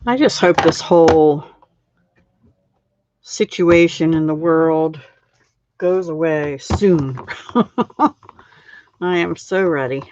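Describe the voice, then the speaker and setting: A middle-aged woman runs a card-making live stream, chatting loosely about her crafting, often laughing and self-deprecating about her slips. She speaks low and slow, pausing often, with a somewhat mellow quality. Audio is dull and lo-fi with a slight background noise.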